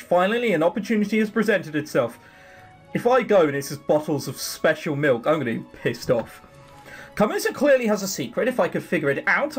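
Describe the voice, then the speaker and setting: Man reading a weary young maid in a game, quiet musing, lively pitch. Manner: tired, musing to herself. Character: weary young servant girl, hopeful and curious.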